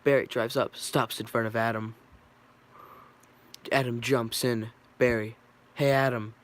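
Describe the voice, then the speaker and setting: A man's voice: medium pitch, level tone, a little slow, fairly bright tone. A man casually reading a script aloud, stumbling and correcting himself as he goes. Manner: stumbling, self-correcting, offhand. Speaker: reader.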